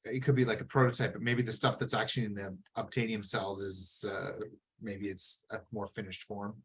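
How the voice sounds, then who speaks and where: A man's voice: on the low side, level tone, fairly quick, fairly bright tone. A man, a player, casually thinking aloud about a tabletop game, in a tentative way.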